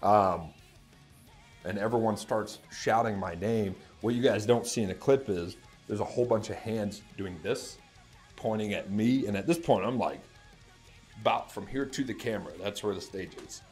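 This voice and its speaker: Hosting a music reaction channel, a man tells an excited story to the camera, laughing often and breaking into shouts. His voice is fairly low, and he speaks at a moderate pace.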